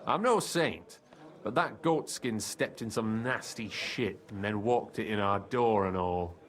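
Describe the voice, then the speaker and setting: A man's voice: on the low side, measured pace, fairly bright tone. An actor playing a streetwise male fixer from a thieves' crew, with a Cockney accent and slangy talk. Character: shifty male thief-guild fixer, streetwise.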